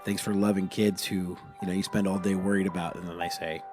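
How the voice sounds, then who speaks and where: A man who is a youth pastor, hosting a podcast in a relaxed, chatty way with lots of fillers. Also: low-pitched, quick pace, over music. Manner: relaxed, filler-heavy, friendly teasing.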